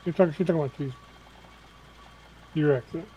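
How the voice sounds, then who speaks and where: A man's voice: fairly high pitch, brisk, warm tone, a little hiss or hum, rough recording. A man on a gaming stream's voice chat, making offhand, dismissive comments. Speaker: voice chat guest. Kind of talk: casual voice chat banter.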